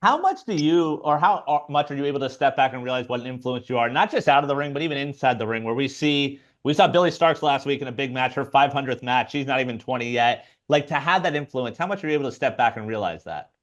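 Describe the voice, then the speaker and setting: A man co-hosting an interview, asking quick, eager questions. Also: mid-range voice, expressive, lo-fi sound. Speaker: interview co-host.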